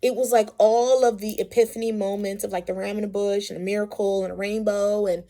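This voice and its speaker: Brief: casual mom vlogger, woman, gravelly, storyteller. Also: mid-range voice, brisk. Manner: chatty, animated, lots of asides. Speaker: vlogger, mother.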